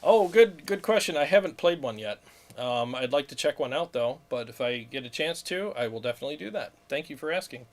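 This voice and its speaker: A man's voice: fairly high pitch, animated, a little fast. A man hosting a casual livestream, jokey and rambling. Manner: jokey, rambling, laughs often. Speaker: channel host, guitarist.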